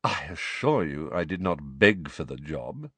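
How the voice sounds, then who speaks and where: A man's voice: extremely low pitch, very animated, measured pace, a bit bright, no room sound, pitched below the performer's own voice, exaggerated voice. A man reading a story aloud, voicing a cold, silky, contemptuous middle-aged schoolmaster. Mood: silky contempt. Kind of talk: audiobook character reading.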